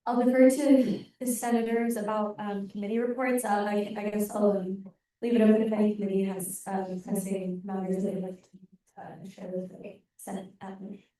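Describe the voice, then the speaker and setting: A woman's voice: mid-range voice, little pitch movement, moderate pace, mellow. A young woman chairing a student senate, moving through procedure in a hesitant way with many fillers. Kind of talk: formal meeting procedure. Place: large meeting hall. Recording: echoey room from far off.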